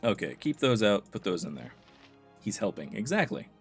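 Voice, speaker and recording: Man, let's play commentary, casual, amused asides, animated intonation. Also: lowish voice, moderate pace, faint music behind.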